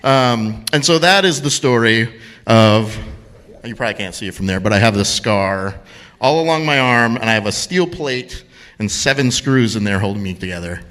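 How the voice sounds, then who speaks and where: Male storyteller, bright, animated delivery, self-mocking and chatty on a stage mic. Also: lowish voice, moderate pace. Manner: chatty, self-deprecating, laughs at own story. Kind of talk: live personal storytelling. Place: stage at a live storytelling event.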